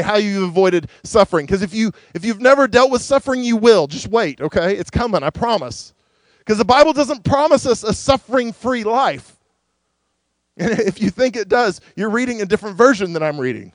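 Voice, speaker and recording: Male pastor, higher voice, earnest sermon delivery, dry close recording. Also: no room sound. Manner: earnest, preacherly, drops to a hushed voice on scripture.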